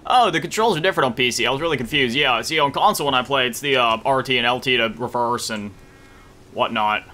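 A man's voice: mid-range voice, fast talker, sharp tone. A man giving rambling, jokey commentary while playing a game, tired early in the morning. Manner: rambling, jokey, sing-song asides. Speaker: gaming YouTuber. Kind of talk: casual gameplay commentary.

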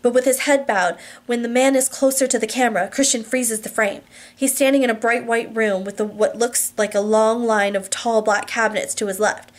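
A woman's voice: fairly high pitch, fairly even intonation, normal speed. Woman reading a novel aloud. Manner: reads with frequent restarts and slips. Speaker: audiobook reader.

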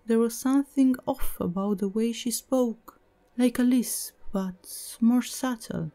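A woman narrating a first-person horror story in a measured, even storytelling manner. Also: fairly high pitch.

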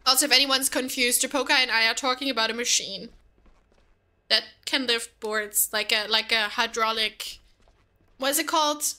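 Bright-voiced, chatty woman gamer. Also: on the high side, fairly even intonation, moderate pace. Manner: chatty, laughs often. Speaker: gaming video host. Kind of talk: let's play commentary.

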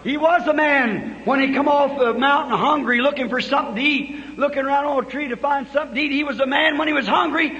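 High bright preacher man in an echoing hall. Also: fairly quick, few pauses, slight background noise. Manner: preaching with rising shouts at climaxes. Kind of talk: sermon. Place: church hall. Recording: dull old sermon tape in a hall.

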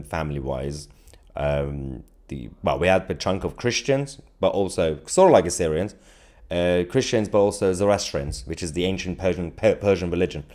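Low-pitched and darkish in tone, this man runs a political livestream, casually joking as he reads comments from viewers. Frequent chuckles and rambling side remarks fill his talk.

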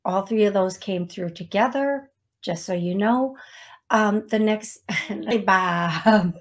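Slow-talking woman hosting a live stream. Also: mid-range voice, darkish tone. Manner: slow, chatty, self-deprecating with small laughs. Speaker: psychic medium show host. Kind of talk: live-stream talk show, reading out names.

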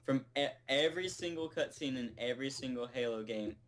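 A man's voice: medium pitch, fairly quick, a bit bright. A young man hosting a casual card game with friends, crude and joking as he reads cards aloud. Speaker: channel host and player. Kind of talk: casual gaming banter. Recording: noisy home mic with clicks.

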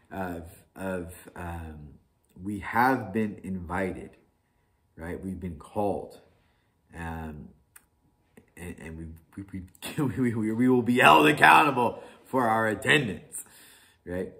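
Laid-back man leading Bible study, low-pitched. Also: a bit bright. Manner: rambling, laughs often, many restarts and "right?". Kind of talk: casual Bible study talk.

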